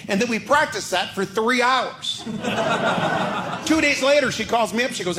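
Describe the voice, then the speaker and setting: A man's voice: extremely high pitch, a little slow, background noise. A man performing stand-up, telling a story with acted-out dialogue. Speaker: stand-up comedian. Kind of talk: stand-up routine.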